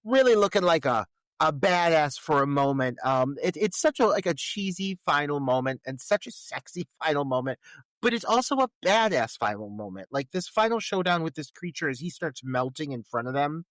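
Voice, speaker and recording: A man talks through a film on his podcast in a loose, candid way, with crude jokes and plenty of hesitant pauses while he searches for words. The sound is dry and close, with no room around it. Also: a little high, animated, fairly bright tone, dry recording. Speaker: podcast co-host. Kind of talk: casual film commentary chat.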